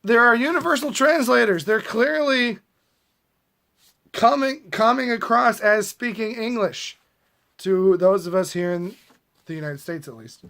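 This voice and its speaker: A man's voice: high-pitched, unhurried, gravelly, a bit bright. A man giving casual movie commentary to camera, chatty and mildly sarcastic, often restarting mid-sentence. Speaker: movie vlogger. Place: at a table at home.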